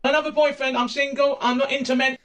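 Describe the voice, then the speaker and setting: A man's voice: very high voice, flat delivery, fast talker, fairly bright tone. A British man rambling into his camera, full of fillers and "and all that". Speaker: video subject. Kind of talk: rambling home-video monologue.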